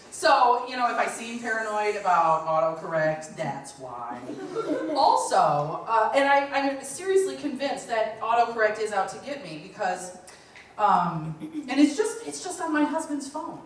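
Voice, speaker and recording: A woman's voice: medium pitch, animated, a little slow. A woman in her thirties performing live stand-up comedy, telling chatty stories and acting out what people said. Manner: chatty storytelling, acting out quotes. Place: lounge stage. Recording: very echoey room, distant mic.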